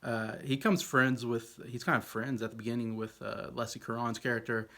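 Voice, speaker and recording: A man's voice: medium pitch, fairly even intonation, moderate pace, a bit bright. A man reviewing old films in a casual, rambling way, full of fillers and hedges. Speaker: film reviewer. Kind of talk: casual movie ranking talk.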